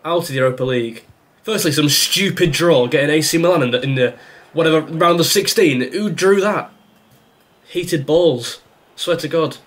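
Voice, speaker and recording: A man's voice: fairly high pitch, moderate pace. A young man commentating his own football video game, exasperated and sarcastic as he rants at the match. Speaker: gaming YouTuber. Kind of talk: frustrated live gameplay commentary.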